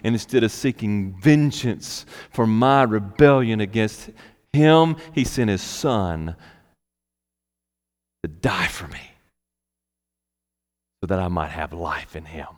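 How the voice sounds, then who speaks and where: A man preaching a sermon as a pastor, slow and emphatic, repeating key phrases for weight. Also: fairly low pitch, animated. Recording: long hall reverb.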